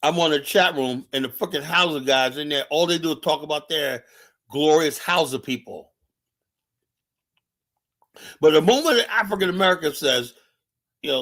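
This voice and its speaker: A male livestream host with a slightly high voice, ranting through a heated political monologue. He talks in a combative, profane way, often repeating his phrases. He calls out his viewers directly. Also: normal speed, pauses often, fairly bright tone.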